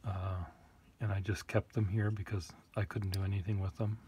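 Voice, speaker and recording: A man's voice: deep voice, flat delivery, moderate pace, warm tone, a little hiss or hum. A man casually showing his collection of old pens, rambling with joking asides. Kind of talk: casual show-and-tell.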